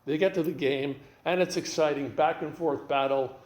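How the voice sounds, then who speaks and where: A man speaking as a guest rabbi, telling stories in an animated way and acting out the dialogue. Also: on the high side, normal speed, roomy sound. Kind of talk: storytelling talk.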